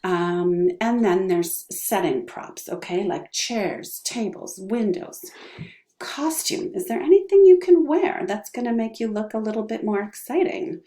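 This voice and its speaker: A woman's voice: mid-range voice, expressive, a little slow, warm tone, reverberant. A middle-aged woman teaching drama, upbeat and encouraging, who checks in with her students often. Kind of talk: online class lesson with vocal warm-ups.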